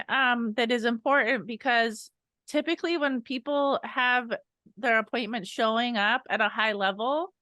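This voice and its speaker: A young adult woman co-hosting a sales podcast, upbeat and energetic, laughing often as she coaches. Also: a little high, no echo.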